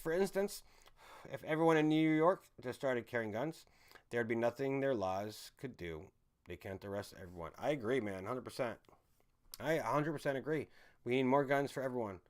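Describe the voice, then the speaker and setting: Swearing, ranting male live-streamer. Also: mid-range voice. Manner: angry, swearing, swings from shouting to muttering. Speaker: live-stream host reading chat. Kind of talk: profane live-stream rant.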